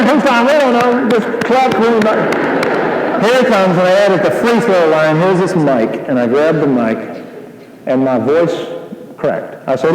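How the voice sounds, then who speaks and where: Man, sermon, animated storyteller, slightly high voice, reverberant hall. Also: unhurried, noisy background. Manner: animated storytelling, acting out dialogue. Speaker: pastor. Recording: echoey hall.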